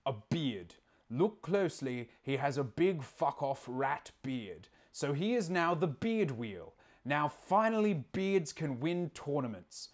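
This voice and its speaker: A man's voice: on the high side, big pitch swings, exaggerated voice. Man putting on a pompous fake British orator. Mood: mock-grandiose. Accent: put-on British. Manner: grandiose, slow, mock-solemn delivery. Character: pompous mock-British man declaiming a boastful statement. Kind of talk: reading a statement aloud in a put-on voice.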